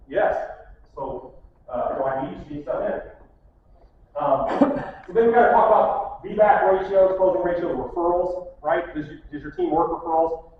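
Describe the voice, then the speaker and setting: Heard from far off in an echoey hall, with a phone-like quality and a slight hiss or hum, a middle-aged man gives a casual conference talk. His voice runs on the high side. Blunt and full of stories, he acts out the people he quotes.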